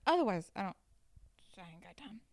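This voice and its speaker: A woman co-hosting a podcast in casual chat, calm and even-tempered with dry remarks. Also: mid-range voice, a little fast, no room sound. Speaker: podcast co-host.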